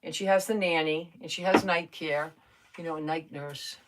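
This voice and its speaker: A woman's voice: low-pitched, fairly even intonation, moderate pace, noisy background. Chatty older woman crafting live. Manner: chatty, self-talking while crafting, reads viewer comments. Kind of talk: casual live craft chat.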